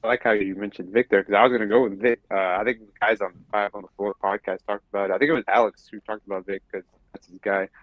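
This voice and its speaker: A man's voice: on the low side, fairly even intonation, fast talker, no room sound, phone-quality sound. A man co-hosting a sports podcast, rambling with many fillers. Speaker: podcast co-host. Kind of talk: casual sports talk.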